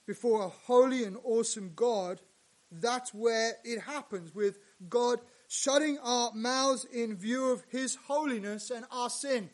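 A male pastor preaching a sermon, dropping to hushed lines and rising to loud, emphatic ones. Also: very high-pitched, a little slow.

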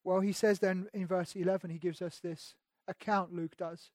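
High-voiced man preaching with dry sound. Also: little pitch movement, normal speed, dry recording. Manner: preaching with dramatic swings between loud emphasis and hushed intimacy; repeats words and restarts phrases. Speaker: pastor. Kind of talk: sermon.

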